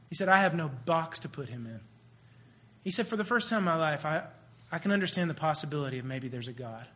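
A man preaching, telling stories with swings between hushed passages and loud bursts. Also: a little high, expressive, quick pace. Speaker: youth minister. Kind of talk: sermon storytelling.

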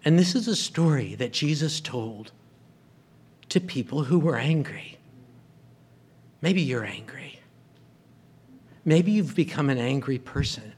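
A man's voice: mid-range voice, lively intonation, takes it slowly, pauses often, a little mellow, breathy edge. A man preaching a sermon, retelling a story and acting out the characters' lines.

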